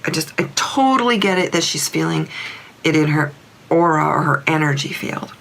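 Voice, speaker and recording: A woman's voice: low-pitched, expressive, moderate pace, creaky, fairly bright tone. A woman working as an animal communicator, recounting a session in a rambling, earnest way with many restarts.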